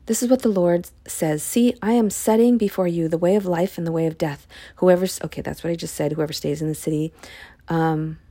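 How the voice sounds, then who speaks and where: A woman reading scripture aloud and explaining it in a casual, expressive way, sometimes dropping into a hushed whisper. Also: lowish voice, brisk. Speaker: Bible study podcaster. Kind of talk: casual Bible reading with commentary.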